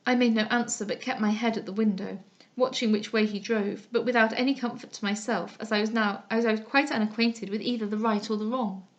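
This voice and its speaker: A woman narrating a classic novel aloud in a measured, expressive way. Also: fairly high pitch, dull audio. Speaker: audiobook narrator.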